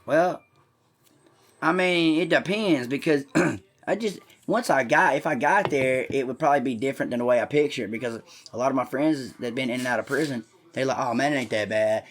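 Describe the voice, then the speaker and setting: A man's voice: mid-range voice, fairly quick. A man co-hosting a comedy podcast, telling crude stories in a rambling, profane way and jumping into voices for the people in them. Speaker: podcast co-host.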